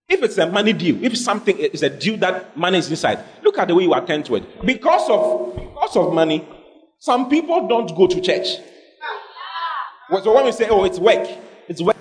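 A man preaching a lively sermon as pastor to a congregation, acting out scenes and questioning listeners directly. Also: high voice, normal speed, long pauses. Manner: animated preaching, acting out God in a dramatic skit. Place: church hall with congregation.

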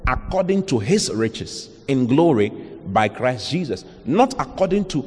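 A man with a Ghanaian accent delivers an emphatic sermon at a mid-range pitch, throwing rhetorical questions at his listeners. His voice carries a long reverb from the hall around him. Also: sing-song, unhurried, a little mellow, husky. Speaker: pastor.

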